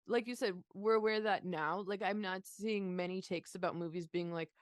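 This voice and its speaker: Female podcast co-host, outspoken and casually profane, mid pitch, dry close recording. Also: fairly even intonation, fairly quick, dry recording. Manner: blunt, swears casually. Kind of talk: casual chat.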